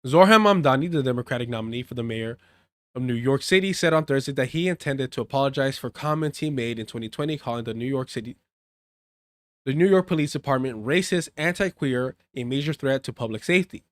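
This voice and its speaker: A man with a mid-range voice talks at a quick pace, with no echo on the recording. He reads the news aloud as live political commentary and bursts into profane, heated rants between articles, sometimes throwing in Spanish phrases.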